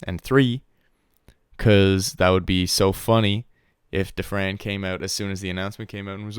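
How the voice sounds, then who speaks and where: A young man co-hosting a podcast, chatting casually about esports news with lots of laughing and squeaky impressions of players. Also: steady tone, normal speed, smooth, no echo, studio quality. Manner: laughing, mimics players in high squeaky voices. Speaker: podcast co-host.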